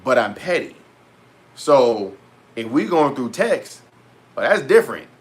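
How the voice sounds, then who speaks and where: A young man vlogging in a casual, animated rant to his viewers, full of slang and repeated asides. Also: mid-range voice, measured pace. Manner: animated, heavy slang, repeats "bro" and "petty". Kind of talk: casual storytelling rant to camera.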